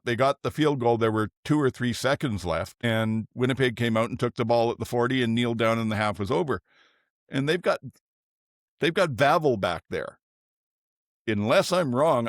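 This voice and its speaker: Older male podcast host, relaxed and rambling, mid-pitched voice, dry close sound. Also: no room sound. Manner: relaxed, thinks aloud with restarts. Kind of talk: casual sports chat.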